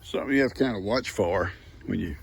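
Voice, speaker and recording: A man's voice: fairly low pitch, fast talker, creaky. An older man talking casually about his farm work outdoors, in a folksy, rambling, easygoing way. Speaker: farmer vlogger. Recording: loud outdoor noise.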